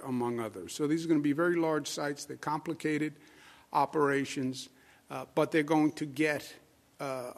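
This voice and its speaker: A man with a Queens New York accent, a state official giving a press briefing statement with emphatic repetition and frequent filler sounds. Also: a little high.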